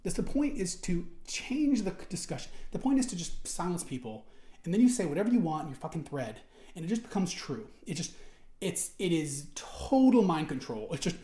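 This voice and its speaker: A man's voice: fairly high pitch, warm tone. A man reading out forum posts and answering them in an indignant, rambling rant, restarting his sentences and swearing often. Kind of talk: ranting commentary while reading forum posts aloud. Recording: roomy echo.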